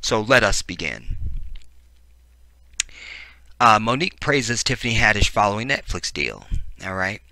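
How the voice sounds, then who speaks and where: A man's voice: fairly low pitch, sing-song, unhurried, vocal fry, long pauses, pushed and bright, no room sound, rough recording. A male show host giving casual commentary, reading news articles aloud and chatting directly with viewers between asides. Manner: chatty, addresses viewers directly, frequent fillers.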